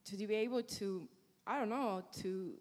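A woman's voice: mid-range voice, measured pace, darkish tone. A woman gives an earnest testimony about her marriage, stopping now and then to search for words. Her voice sits in a long hall reverb, as in a church. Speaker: wife sharing a testimony. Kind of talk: personal testimony.

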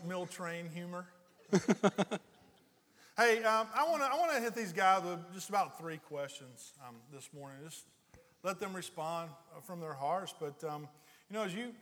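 A man, a pastor, joking lightly and then gently asking a couple questions before an audience. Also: fairly high pitch. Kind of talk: live interview. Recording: echoey hall with long reverb.

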